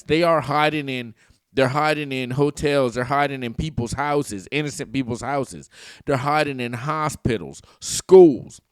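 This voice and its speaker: Animated male vlog commentator, dry sound. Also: mid-range voice, clear, resonant tone, no room sound. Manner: animated, laughs often, talks back at clips.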